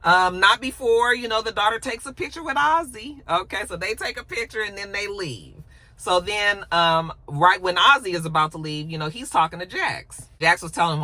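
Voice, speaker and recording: A woman's voice: on the low side, moderate pace, no room sound. A woman recapping a TV episode in a casual, chatty and blunt way, with frequent asides. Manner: chatty, animated, blunt and profane. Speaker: TV recap YouTuber.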